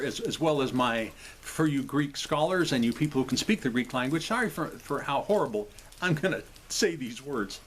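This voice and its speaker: A man's voice: a little high, slight background noise. A man hosting a video from his home, explaining things in a casual, rambling way, often apologizing and checking in with "okay?". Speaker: video host. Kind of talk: casual explanatory talk to camera.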